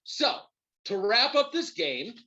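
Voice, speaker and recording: A man ranting on his podcast with a lively, swinging delivery and a bright, forceful edge. He swears freely and builds heat as he goes, and the recording sounds slightly dull and lo-fi. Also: high-pitched, takes it slowly. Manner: profane, heated, animated rant. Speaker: podcast host. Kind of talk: ranting sports fan commentary.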